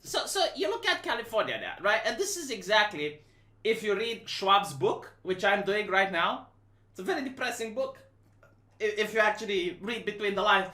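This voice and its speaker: This is a woman with a Romanian accent delivering casual commentary in a bright, forward voice. She is blunt and emphatic, and she often repeats herself and restarts her phrases. Her voice echoes in a roomy space. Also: mid-range voice, animated, moderate pace. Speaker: live-stream commentator. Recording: roomy echo.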